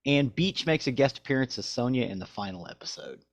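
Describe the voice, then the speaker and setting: A man's voice: medium pitch, lively intonation, brisk, no room sound. A man co-hosting a podcast, who reads facts aloud from his notes and then chats loosely. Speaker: podcast co-host. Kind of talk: reading show notes and casual chat.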